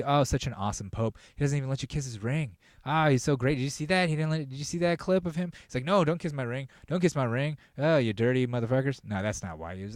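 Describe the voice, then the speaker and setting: A man hosting a podcast with a profane, riffing comedic rant that builds to loud mock outrage. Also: fairly high pitch, no echo, studio quality. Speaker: podcast host.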